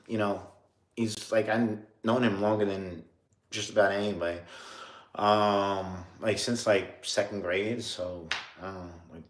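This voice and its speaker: A man in his late thirties from New York, telling a story on a casual livestream, rambling with lots of fillers and laughing at himself. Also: fairly low pitch. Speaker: streamer. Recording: roomy echo.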